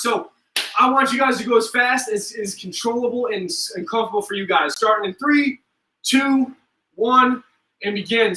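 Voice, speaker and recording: A young man coaches a home workout in a high, very bright voice, counting down sets and joking between them. He sounds set back from the mic in an echoey room. Faint noise runs behind him. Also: distant mic. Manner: upbeat, joking, counts reps aloud. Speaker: fitness instructor.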